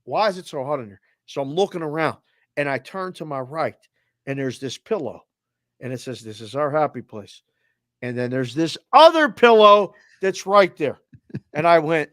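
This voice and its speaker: Lively Boston man telling a story. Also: on the high side, normal speed, no room sound, clean studio sound. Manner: animated storyteller who acts out both sides of a conversation. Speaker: co-host of a sports betting show. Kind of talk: casual chat.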